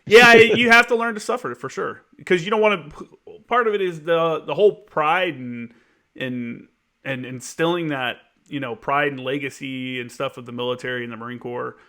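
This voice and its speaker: A man's voice: fairly high pitch, normal speed, pushed and bright. A man hosting a casual podcast chat, emphatic and swearing freely.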